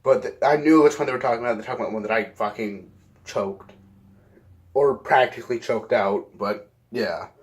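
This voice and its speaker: A man's voice: mid-range voice, normal speed. Young man telling a profane story. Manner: profane, rambling, self-correcting. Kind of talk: casual storytime.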